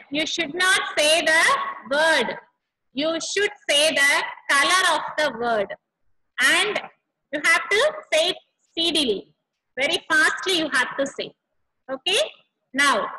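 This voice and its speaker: A middle-aged woman with an Indian English accent, an English trainer teaching children in an online class, speaking slowly and repeating her instructions with care. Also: extremely high pitch, sharp tone, low-quality recording. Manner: slow, carefully enunciated teacher talk, repeating instructions.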